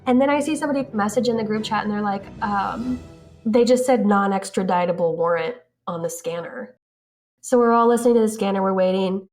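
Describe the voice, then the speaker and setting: A woman tells her story in a loose, casual way, slipping into the voices of the people she quotes and dropping "like" into nearly every sentence. Her pitch sits at an ordinary middle level for a woman, and soft music runs quietly underneath. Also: brisk. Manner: animated, acts out quoted dialogue, frequent "like". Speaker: interviewee recounting events.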